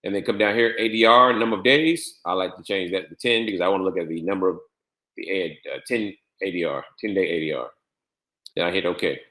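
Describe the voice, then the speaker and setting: A man with a fairly low voice walks through a software setup. He repeats key steps and spells out letters one by one. His voice echoes around the room. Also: brisk. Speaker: trading software instructor. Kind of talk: screen-share tutorial walkthrough.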